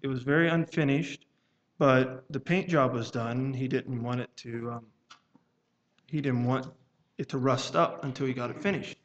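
The audio is dull as a man with a mid-range voice preaches at a church service, his delivery measured and hesitant while he reads scripture in antiquated wording.

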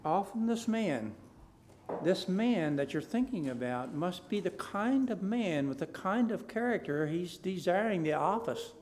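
A man preaching a sermon, reading scripture aloud and swinging between soft, low asides and loud, emphatic repeated declarations. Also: lively intonation, measured pace, slight background noise. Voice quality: King James scripture read aloud in a rising, forceful cadence.

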